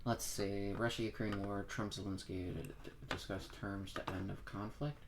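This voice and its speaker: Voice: low voice, level tone, normal speed, very noisy. A streamer commenting live, distracted and thinking aloud while searching, with casual swearing. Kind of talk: livestream commentary.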